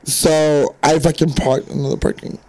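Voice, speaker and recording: A young woman in casual chat among friends, telling a story in an animated, profane way. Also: low voice, normal speed.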